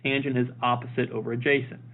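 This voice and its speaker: A male math teacher talks through a recorded lesson with an upbeat, joking manner, going over each point more than once. His voice has a gravelly, fry-edged texture. The sound is thin and boxy, like a phone line. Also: mid-range voice, flat delivery, quick pace. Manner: upbeat and jokey, repeats key points.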